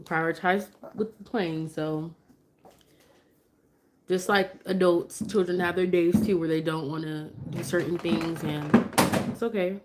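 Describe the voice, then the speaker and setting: Chatty, emotional woman, slightly low voice. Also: steady tone, unhurried, noisy background. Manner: chatty and emotional, switching to sing-song coaxing with her toddler. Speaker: mother live-streaming at home. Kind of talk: casual live-stream chat.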